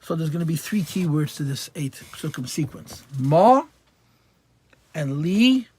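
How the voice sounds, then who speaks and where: A man's voice: a little high, very animated, unhurried, mellow, husky. A man teaching a Torah class as a rabbi, translating verse by verse and stressing key words. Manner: translates verse by verse, mixing Hebrew and Yiddish terms into English.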